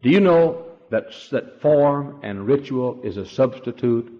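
A man preaching a sermon, swinging from hushed tones to loud, climbing shouts and often repeating words as he goes. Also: medium pitch, lively intonation, unhurried. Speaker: pastor. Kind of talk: fiery sermon. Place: church sanctuary. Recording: dull old recording in a reverberant hall.

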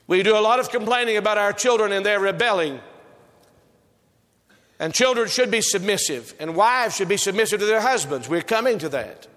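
A man's voice: high-pitched, a bit bright. A male preacher delivering a sermon with an emphatic, repetitive preaching cadence, recorded in a church sanctuary. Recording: reverberant hall.

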